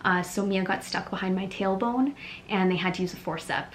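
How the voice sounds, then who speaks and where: A young woman telling a personal story in a casual vlog, chatty and animated, full of "like" fillers. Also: medium pitch, brisk, slight background noise. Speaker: beauty vlogger.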